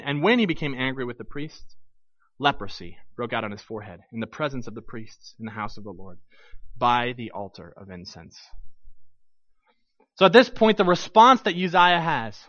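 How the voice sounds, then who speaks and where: A man with a high voice preaches a sermon, retelling a scripture story with big swings between loud bursts and hushed lines. The recording is dull and lo-fi. It is also dry, with no echo.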